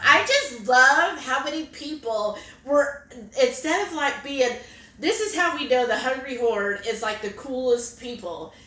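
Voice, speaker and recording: A woman's voice: sits high, animated, unhurried, pushed and bright. A woman, co-hosting a cooking livestream and reading viewer comments aloud in a chatty, giggly way. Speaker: cooking stream co-host. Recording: echoey kitchen room.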